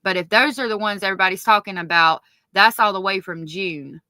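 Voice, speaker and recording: Bright-voiced woman commenting on a livestream. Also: mid-range voice, a little fast, no room sound. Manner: reads text messages aloud in a subdued tone, then breaks into cursing outrage; stops to correct herself mid-read. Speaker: true-crime commentator. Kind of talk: livestream commentary reading court evidence.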